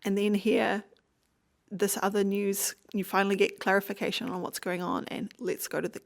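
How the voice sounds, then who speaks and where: A woman hosts an interview podcast and answers her guest with empathy. Her voice is gravelly, at a middle pitch. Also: level tone, moderate pace. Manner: empathetic listener, short affirmations. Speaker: podcast host.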